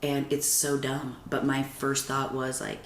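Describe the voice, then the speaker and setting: A woman with a very deep voice speaks a little slowly as a podcast guest, telling a personal story in casual conversation. She's animated, acting out the dialogue of the people involved, and the recording has roomy echo with faint background noise.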